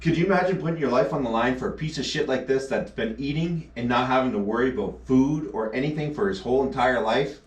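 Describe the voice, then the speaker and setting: A man streaming live, ranting sarcastically and with heavy swearing while reacting to a news clip. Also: medium pitch. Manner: profane, sarcastic, scornful. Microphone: action camera mic. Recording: echoey, distant from the mic.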